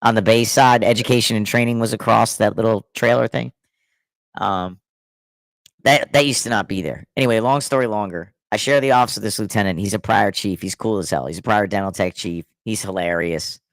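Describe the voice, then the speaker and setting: A man's voice: on the low side, a little fast, creaky, dry recording. A middle-aged man telling stories in casual podcast chat, swearing and laughing as he goes. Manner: animated storyteller, laughs often, swears freely. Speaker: podcast co-host.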